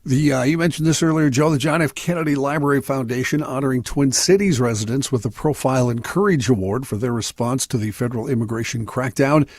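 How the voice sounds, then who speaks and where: A man reading news items on a talk radio show in a steady, measured way. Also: mid-range voice.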